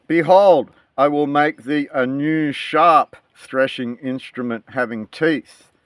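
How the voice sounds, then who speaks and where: A man's voice: a little high, slow, fairly bright tone, clear, resonant tone, no echo. A man giving preachy, emphatic commentary on scripture. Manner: preachy, emphatic, reads verses aloud. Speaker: online preacher.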